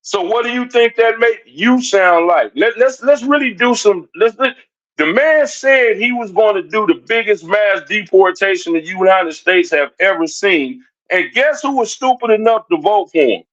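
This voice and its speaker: Talking right at his chat, a male livestream commentator rants in a heated, confrontational way and keeps repeating himself. He sounds high-pitched, animated and a bit bright at a normal speed, and the stream audio is dull and lo-fi.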